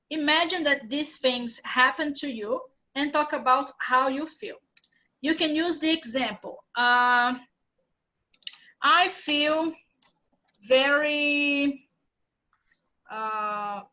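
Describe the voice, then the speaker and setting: A woman's voice: sits high, sharp tone, lo-fi sound. A Brazilian woman whose first language is Portuguese, teaching an English class online and explaining step by step with patience.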